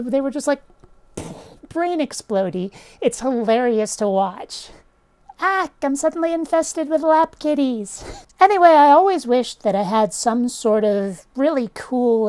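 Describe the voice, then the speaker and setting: A middle-aged woman talks to camera at home, her general American speech carrying a faint Vermont accent. Her voice sits a little high for a woman. She is chatty and self-mocking, and she drops the odd swear word in passing. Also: darkish tone. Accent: mostly general American with a faint Vermont trace. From Vermont, USA. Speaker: YouTuber. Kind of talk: casual to-camera chat. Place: at home with cats on her lap.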